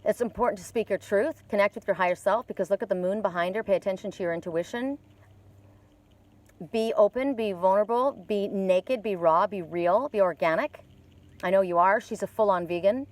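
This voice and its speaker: A woman's voice: medium pitch, brisk, no echo. Woman, live-stream card reader; loose, chatty, spiritual tone, talking outdoors by water. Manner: rambling, chatty, with many fillers and restarts; gentle spiritual encouragement. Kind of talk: casual live-stream chat with viewers. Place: outdoors at a lakeside cove.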